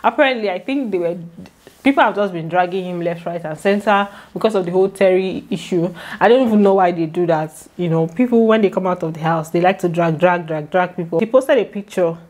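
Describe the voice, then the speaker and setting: A woman's voice: fairly low pitch, fairly quick, darkish tone. Chatty woman vlogger. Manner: chatty, talks straight to viewers. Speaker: YouTuber recapping a reality show. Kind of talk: casual commentary vlog.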